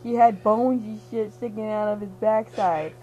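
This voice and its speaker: A woman's voice: mid-range voice, steady tone, moderate pace, mellow, a little hiss or hum, low-quality recording. A young woman, half-asleep and giddy, rambling through a silly retelling of a movie, giggling and acting out the characters' lines. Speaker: storyteller.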